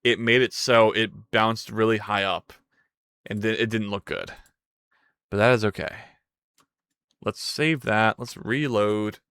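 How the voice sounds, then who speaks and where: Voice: medium pitch, fairly even intonation, measured pace, long pauses, a bit bright, smooth, no room sound, studio quality. A live streamer thinking aloud while coding, who is playful with viewers and yelps and swears when things break. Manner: playful, chats with viewers between tasks.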